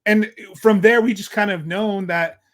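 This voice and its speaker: A young man with a slightly high voice co-hosts a podcast. He talks in a lively, animated way and keeps slipping into put-on voices to act out what others said. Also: unhurried. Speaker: podcast co-host. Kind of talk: casual chat.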